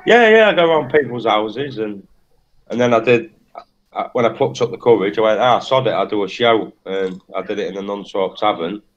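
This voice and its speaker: A man's voice: fairly low pitch, animated, fairly quick. A man with blunt, sweary talk, telling stories about his psychic readings in casual chat. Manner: swearing, blunt anecdote-telling with quoted voices. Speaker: psychic guest. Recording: dull lo-fi audio.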